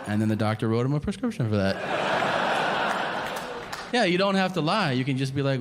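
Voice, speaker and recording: A man's voice: medium pitch, expressive, a little fast, pauses often, noisy background. Profane stand-up comedian man in a big hall. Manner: profane, conversational, acts out quoted voices. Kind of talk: stand-up storytelling. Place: large hall before a live audience. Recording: live stage recording in a reverberant hall. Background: audience laughter and ambience.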